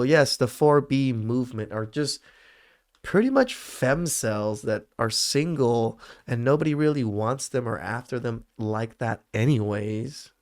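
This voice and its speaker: Man giving mocking reaction commentary. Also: mid-range voice. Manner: mocking, dismissive. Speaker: host.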